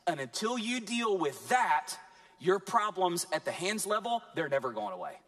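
A male pastor with a high voice delivers a sermon in an animated preaching style, using dramatic pauses.

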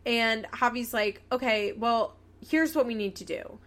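Young woman podcast host, bright punchy voice, sarcastic and animated, swears a lot. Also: fairly high pitch, measured pace. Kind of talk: casual chat recapping a reality show.

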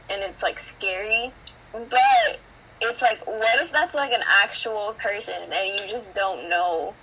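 A woman's voice: mid-range voice, sharp tone, slight background noise, poor audio. A teenage girl chatting casually on a podcast, winding through her thoughts with lots of fillers. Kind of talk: casual chat.

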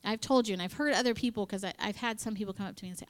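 A woman giving an animated devotional talk at church, acting out quotes and dropping into whispers. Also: mid-range voice, racing. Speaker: church speaker.

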